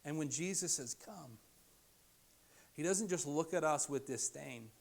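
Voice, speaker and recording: A young adult man preaching a sermon as pastor, moving from hushed, soft-spoken lines to raised, emphatic ones. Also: on the high side, moderate pace, creaky.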